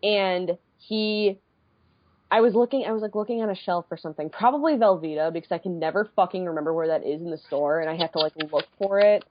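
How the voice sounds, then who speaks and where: A woman in her twenties from the Midwest, co-hosting a podcast and telling a story in a casual, animated way with frequent swearing. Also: fairly low pitch, fast, lo-fi sound. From American Midwest. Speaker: podcast co-host.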